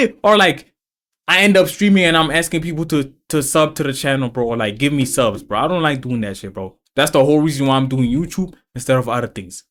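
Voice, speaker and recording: A man with a South African accent, reacting to a video in casual commentary, loud and slangy with lots of interjections. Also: on the high side. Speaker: YouTube reactor.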